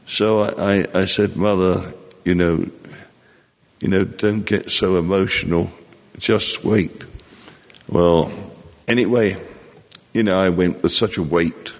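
An older man from England telling a personal story to an audience, in a slow, reflective way with many fillers. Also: sits low, long reverb tail.

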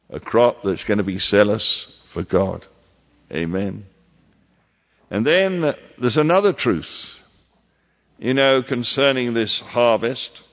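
Male pastor, mid-pitched voice, unhurried emphatic sermon delivery, reverberant church hall. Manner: measured preaching with emphatic repetitions.

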